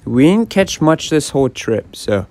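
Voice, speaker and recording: A man's voice: a little high, very animated, a little slow, dark tone. A man, narrating his own fishing vlog in a laid-back, rambling, apologetic way while out on a boat. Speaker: fishing vlogger. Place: outdoors on the water, on a boat.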